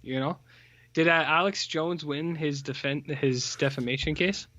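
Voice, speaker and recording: A man's voice: a little high, measured pace, dry recording, dull audio. A man co-hosting a podcast, reviewing a film in casual, rambling chat with lots of fillers and mocking put-on voices. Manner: rambling, animated, full of fillers, mocks characters in put-on voices. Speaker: podcast co-host.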